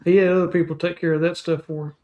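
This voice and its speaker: Easygoing male co-host, short agreeable lines, slightly raised pitch. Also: level tone, racing, highs cut off. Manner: brief, agreeable remarks. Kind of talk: casual chat.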